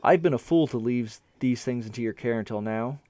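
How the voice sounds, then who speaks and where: Guy reading an angry pompous ambassador, loud and bossy, dry close sound. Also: medium pitch, expressive, a little fast, no echo, lightly acted. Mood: furious. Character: furious arrogant male ambassador.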